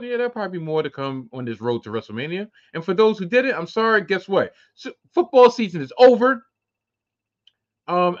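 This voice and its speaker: Animated, profane man ranting on a podcast. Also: sits high. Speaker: podcast host. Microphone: close to webcam. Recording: dull lo-fi sound.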